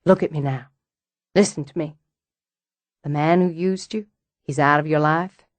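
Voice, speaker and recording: A woman voicing a brisk, kind mature woman in an audiobook, firm and comforting. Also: deep voice, no echo.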